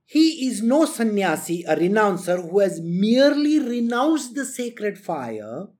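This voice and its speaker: Spiritual teacher, lively delivery with wide pitch swings, frequent laughter, plays out quotes. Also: unhurried. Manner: animated, laughs often, acts out quotes. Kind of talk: lecture on renunciation.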